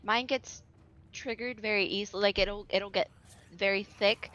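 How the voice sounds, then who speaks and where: Young Southern woman, chatty storytelling streamer, bright and sharp in tone. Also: mid-range voice, steady tone, moderate pace, muffled recording. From American South. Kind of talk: casual chat while gaming.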